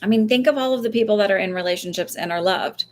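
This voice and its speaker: Woman, psychic medium, casual advice talk, rambling, swears, acts out voices, mid-pitched. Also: fast talker. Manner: rambling, chatty, swears and laughs often.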